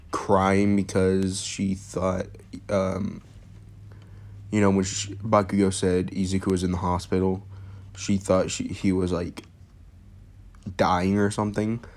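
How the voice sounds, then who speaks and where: A man's voice: low voice, level tone, slow pace, long pauses, darkish tone. A young man casually improvising a fan-fiction story, rambling with fillers and jokes. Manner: rambling, full of fillers and restarts, jokey.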